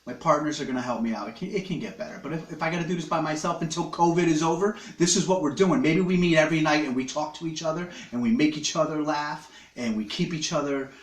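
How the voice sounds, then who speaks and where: A man's voice: on the high side, fast, hardly any pauses, roomy sound. A man hosting a casual live stream from his living room, joking crudely with viewers while he eats. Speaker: livestream host. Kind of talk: rambling casual live chat.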